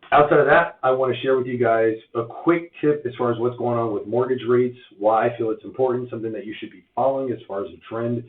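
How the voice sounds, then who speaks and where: Hoarse man on a tinny live stream. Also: mid-range voice. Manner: chatty, filler-heavy, many uhs and restarts. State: hoarse, lost voice. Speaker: mortgage lender hosting a live update. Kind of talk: casual live-stream market update. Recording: tinny phone-like sound in an echoey room.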